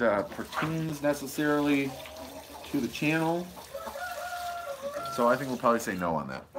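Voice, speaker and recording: This Michigan homesteading channel host, on a wireless lapel mic against a noisy background, rambles goofily through a casual live stream outside on his homestead. He has a medium-pitched voice and reads viewer comments aloud as he responds.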